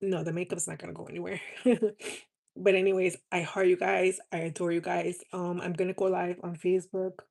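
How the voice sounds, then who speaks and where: A woman chatting on a live stream in a lowish voice. She speaks with earnest, heartfelt feeling and keeps her tone fairly even, often repeating words to drive a point home. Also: brisk, gravelly. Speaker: live streamer selling cosmetics. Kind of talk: casual live-stream chat.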